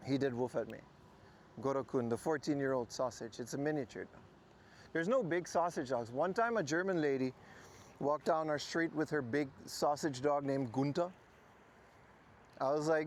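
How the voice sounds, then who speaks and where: A man's voice: fairly high pitch, moderate pace, pauses often. Chatty man streaming outdoors. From Netherlands. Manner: chatty, talks to viewers while fixing his mic. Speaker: livestream host. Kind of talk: casual IRL livestream talk. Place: outdoors by the ocean. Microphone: clip mic on his hat. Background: wind.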